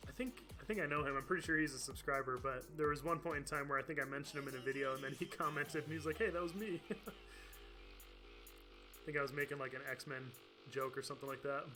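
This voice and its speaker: Over music, a man with a fairly high voice talks fast while streaming a video game live. He chats casually, laughs a lot, reads out names from chat and thanks donors and viewers by name.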